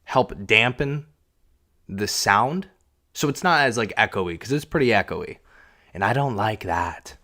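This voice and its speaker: A man's voice: lowish voice, animated, measured pace, bright, forceful tone. A man hosting a solo podcast from a room at home, talking casually in a rambling, self-deprecating way with lots of fillers and restarts. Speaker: podcast host. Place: echoey home room, on a couch. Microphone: podcast mic with pop filter.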